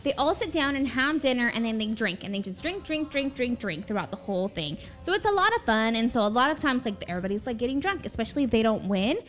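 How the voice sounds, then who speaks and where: Animated chatty young woman, high voice. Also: fast talker, few pauses. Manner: chatty, animated, lots of fillers. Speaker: podcast co-host. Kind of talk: casual chat.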